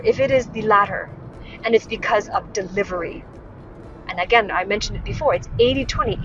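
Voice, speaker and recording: Woman, from Hong Kong, communication coach, emphatic and repetitive, somewhat high voice, dull recording. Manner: emphatic, repeats key phrases. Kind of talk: motivational talk to camera. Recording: slightly dull lo-fi sound with clear background noise.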